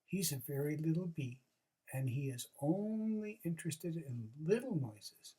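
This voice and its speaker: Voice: mid-range voice, lively intonation, unhurried, warm tone, distant mic, close to an everyday voice. A storyteller voicing a wise old male groundhog who speaks kindly and confides advice. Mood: confiding.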